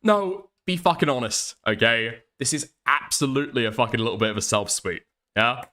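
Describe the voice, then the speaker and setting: Male commentary streamer, bright lively voice, blunt and exasperated, swears freely. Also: medium pitch, normal speed. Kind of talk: reading and reacting to posts.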